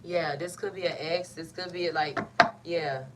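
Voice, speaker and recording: A woman's voice: on the low side, steady tone, a little slow. A young woman giving a casual, playful tarot reading, talking in a loose colloquial way and often cutting herself off. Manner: chatty, colloquial, playful and self-interrupting. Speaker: tarot reader. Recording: slightly distant mic, faint background noise.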